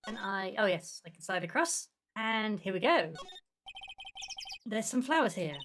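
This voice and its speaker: A woman's voice: mid-range voice, animated, measured pace, pauses often, over music. A woman playing through a video game, chatting to herself as she reads the dialogue aloud. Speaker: game streamer. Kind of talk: let's-play commentary, reading game dialogue aloud. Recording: noisy home recording.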